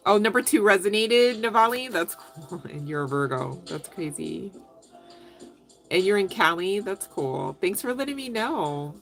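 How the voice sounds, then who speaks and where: A woman's voice: mid-range voice, very animated, unhurried, creaky, fairly bright tone, soft background music. A woman doing a casual live tarot reading, chatty and giggly, speaking straight to her viewers. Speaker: tarot reader answering live chat.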